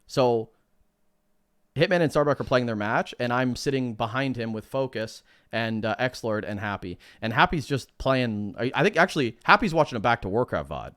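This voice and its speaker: A man co-hosting a podcast, telling a story in a casual, animated way, swearing and acting out what people said. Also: medium pitch, moderate pace, no room sound, clean studio sound. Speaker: podcast co-host.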